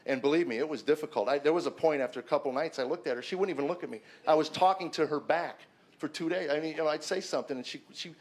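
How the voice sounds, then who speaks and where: A middle-aged man with a slightly high voice tells a personal testimony to an audience. He speaks earnestly and conversationally, stumbling into restarts and repeated words as he goes. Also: fast. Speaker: comedian giving a personal testimony.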